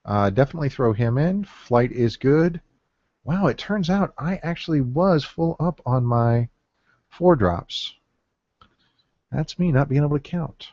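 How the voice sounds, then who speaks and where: A gameplay commentator with a fairly high, expressive, darkish voice drafts a card-game deck a little slowly, thinking out loud with frequent fillers and soft counting. It's captured on a dull, dry lo-fi mic, no echo.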